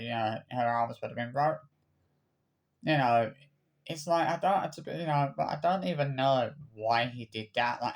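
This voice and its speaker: A man ranting to camera, halting and repeating himself, swearing freely. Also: mid-range voice. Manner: halting, many stammered restarts and repeated words. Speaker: vlogger. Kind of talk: angry personal rant.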